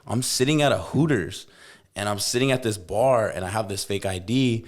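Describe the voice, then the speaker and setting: Lively, lower-voiced man telling a story. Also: normal speed. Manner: animated, acts out quoted voices, swears casually. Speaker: podcast host. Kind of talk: casual storytelling.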